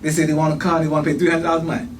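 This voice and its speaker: A man preaching a sermon in church, talking fast and repeating phrases for emphasis. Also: a little high, little pitch movement, distant mic, a little hiss or hum, poor audio. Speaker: pastor.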